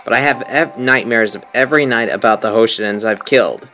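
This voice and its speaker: A man's voice: medium pitch, fairly quick, pushed and bright, faint music behind, natural voice, rough recording. A man voicing a young prince who is sincere and conflicted, reading game dialogue in his own voice. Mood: troubled. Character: young prince wracked by guilt, earnest.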